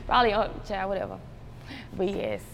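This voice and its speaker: A young woman rapper from North Carolina, telling stories in an animated way, acting out quotes and laughing often. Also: mid-range voice, moderate pace. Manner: animated storytelling, acts out quotes, laughs a lot. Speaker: rapper, interview guest. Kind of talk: casual interview chat. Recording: roomy hall with faint noise.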